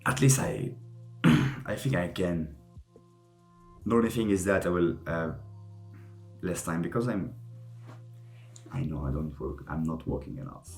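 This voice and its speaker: A man's voice: deep voice, unhurried, gravelly, pauses often, darkish tone. A young man, a vlogger musing aloud in a rambling way, often searching for his words. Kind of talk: casual reflective monologue to camera. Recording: echoey room with faint music.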